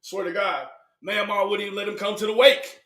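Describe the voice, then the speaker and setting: High-voiced man shouting roast jokes. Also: steady tone, fairly quick. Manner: loud, shouting punchlines, cackling laughter. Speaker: roast commentator. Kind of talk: mocking roast commentary. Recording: echoey room, far from mic.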